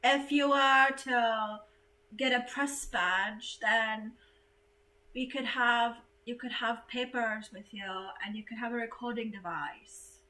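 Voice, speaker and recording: A woman voicing a haughty young female con artist socialite with an affected European-tinged English accent, speaking slowly and disdainfully. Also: a little high, steady tone, sharp tone, far from the mic, slight background noise.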